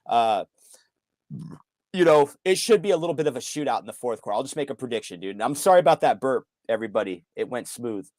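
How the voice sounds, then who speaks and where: A man talking in an excited, casual way as a sports fan co-host, loud and hyped, swearing and swinging his voice up and down. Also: medium pitch, quick pace, dry recording.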